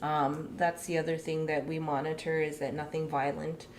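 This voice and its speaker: Low-voiced mom co-host; earnest, measured, faint noise behind. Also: female voice, little pitch movement. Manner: measured, earnest, uses many fillers. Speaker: family show co-host, mother. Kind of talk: casual family chat.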